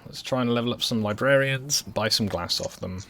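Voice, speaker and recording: A man's voice: medium pitch, moderate pace, fairly bright tone, a little hiss or hum. A young man with a West Midlands accent giving rambling, dryly self-mocking commentary while he plays a game. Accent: West Midlands English. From West Midlands, England. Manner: rambling, dry self-mocking humor, thinking aloud. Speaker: streamer playing a game. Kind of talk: casual gameplay commentary.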